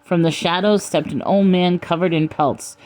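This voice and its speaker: A woman narrating a comic storybook in a dry, deadpan manner. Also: fairly low pitch, moderate pace.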